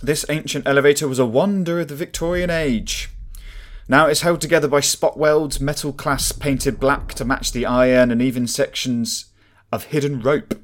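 A man's voice: medium pitch, fairly even intonation, moderate pace. A young man, narrating a tabletop game as game master in a laid-back way, often laughing.

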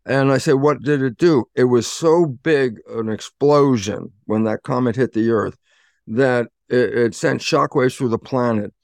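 A man, a guest in an interview, explaining in an animated way and acting out bits of dialogue. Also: mid-range voice, measured pace, creaky, dry recording. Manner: animated, acts out dialogue in quotes. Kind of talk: conversational explaining.

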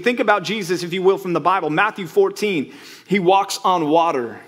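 A man's voice: sits high, moderate pace, a bit bright. A man preaching a sermon as pastor, conversational, asking rhetorical questions and acting out quotes.

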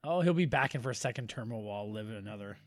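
A man's voice: fairly low pitch, animated, fast talker, no room sound. A man from Canada co-hosting a podcast, chatting casually with dry, offhand jokes. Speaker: podcast co-host. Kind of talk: casual chat.

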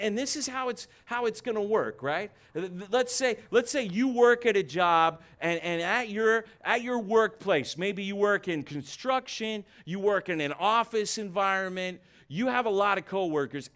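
A man's voice: sits high, lively intonation, moderate pace, hardly any pauses, fairly bright tone. A man preaching a sermon as a pastor, passionate and emphatic, often repeating words as he builds a point. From United States.

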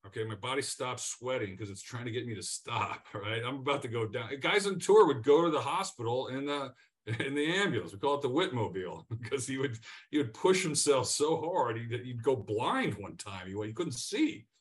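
A former professional athlete, a man, tells stories as a guest in a relaxed interview. His delivery is animated; he laughs often and stumbles over repeated words. His pitch sits at an ordinary middle height for a man. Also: normal speed. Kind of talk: conversational podcast interview.

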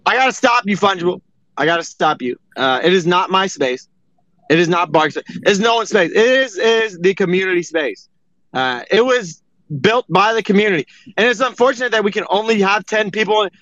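High-pitched guy ranting and swearing on a live audio chat, dry dull lo-fi sound. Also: animated, a little fast, fairly bright tone, no room sound. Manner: profane, ranting, exasperated. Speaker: co-host of an online audio chat room. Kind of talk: heated casual chat.

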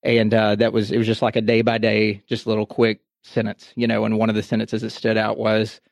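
A man's voice: lowish voice, fairly quick, creaky, no room sound, clean studio sound. A man in his thirties, co-hosting a podcast, chatting casually and acting out voices as he tells stories. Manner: animated storyteller, acts out voices. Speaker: podcast co-host. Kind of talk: casual chat.

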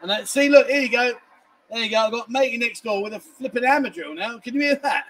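High-voiced, cheeky livestream host. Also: male voice, fast talker, a bit bright, slight background noise. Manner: cheeky, banters and laughs while reading comments. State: tired from lack of sleep. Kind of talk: casual livestream chat reading viewer comments.

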